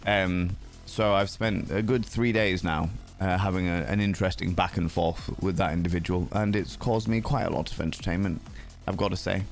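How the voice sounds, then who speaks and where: A man's voice: low voice, fairly even intonation, normal speed, gravelly, soft background music. A man hosting a livestream, chatting casually with viewers in a playful, cheeky way with some swearing. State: sleepy. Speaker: livestream host.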